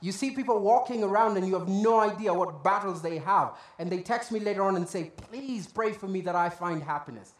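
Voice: medium pitch, a little fast, few pauses. A pastor preaching a sermon in a church hall, talking conversationally with asides and acting out short quotes. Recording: echoey room.

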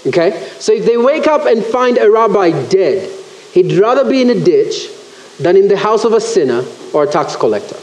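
A man preaching a sermon in church, animated and acting out the voices he quotes. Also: high-pitched, moderate pace. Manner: animated, acts out quoted voices, self-correcting. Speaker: pastor. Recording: roomy church echo.

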